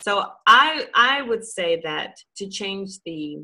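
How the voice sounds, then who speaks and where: A woman talks through her view of a book in a conversational review. Her tone is bright and clear, and she often restarts a phrase as she searches for the right word. Her pitch sits in an ordinary middle range. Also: animated, slow pace, poor audio.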